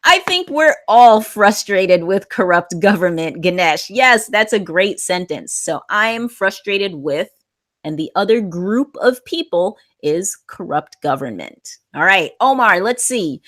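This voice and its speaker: A woman teaches an online English class, reading students' sentences aloud and offering gentle corrections. She speaks slowly and deliberately, with a lively, rising and falling pitch. Her manner is patient and encouraging.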